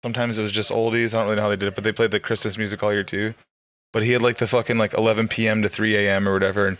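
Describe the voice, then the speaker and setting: A man's voice: fairly low pitch, flat delivery, racing, a bit bright. A young man from co-hosting a podcast, rambling through crude casual banter with lots of swearing and laughter. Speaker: podcast co-host.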